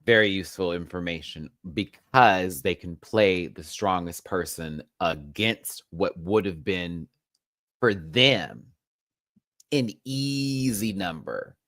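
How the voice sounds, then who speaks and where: A man hosting a casual live review, campy and sassy, laughing often and swinging his pitch wildly. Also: animated, slow pace, fairly bright tone, dry recording, clean studio sound. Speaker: show host, reality TV reviewer.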